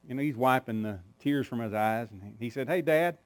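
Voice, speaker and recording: A middle-aged man preaching a sermon, telling a family story with acted-out quoted voices and frequent laughter, moving from quiet low lines to loud high outbursts. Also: brisk, faint music behind. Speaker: pastor.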